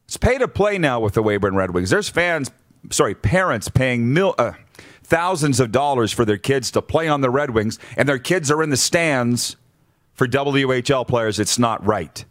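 A man's voice: mid-range voice, animated, moderate pace, a bit bright, dry recording. Male sports talk host, opinionated, works through his points bluntly; dry booth sound. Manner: blunt, numbered-point rundown with frequent restarts.

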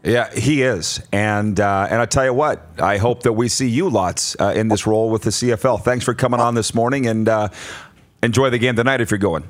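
A man hosting a morning sports radio show, brisk, upbeat and chatty. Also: fairly low pitch.

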